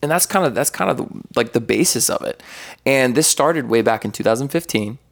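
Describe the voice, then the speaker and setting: Energetic, gravelly-voiced man. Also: mid-range voice, brisk. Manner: energetic, rambling, uses slang like bro. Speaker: podcast guest, content creator and worship artist. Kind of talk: casual podcast conversation.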